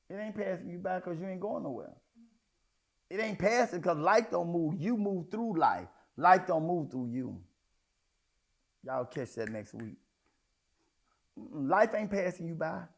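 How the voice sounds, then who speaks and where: A man preaching a sermon in a folksy, conversational way, swinging between hushed asides and loud outbursts. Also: high-pitched, vocal fry. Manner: folksy, addresses congregation as y'all, child, honey. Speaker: apostle preaching.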